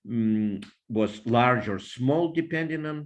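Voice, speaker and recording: An older man, speaking as an interview guest in a thoughtful, lecturing way, with frequent pauses and filler sounds. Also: medium pitch, expressive. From Soviet Union. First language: Russian. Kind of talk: conversational academic interview.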